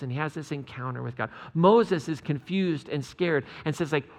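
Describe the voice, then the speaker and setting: A man's voice: a little high, moderate pace, few pauses, big-room sound. A man preaching a conversational sermon, joking with the congregation in chatty asides. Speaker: pastor.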